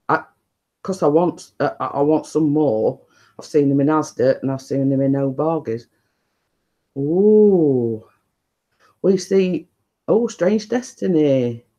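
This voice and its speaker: A man hosting a casual live stream from his living room, talking quietly and rambling chattily to viewers. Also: a little high. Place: living room at home, indoors.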